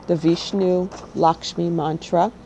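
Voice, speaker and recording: A woman's voice: fairly low pitch, fairly even intonation, slow, dark tone, slight background noise, poor audio. A woman hosting her own spiritual channel, talking straight to the viewer in a blunt, no-nonsense way and often checking in with "okay?". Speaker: spiritual guide and channel host. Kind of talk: casual spiritual talk to camera.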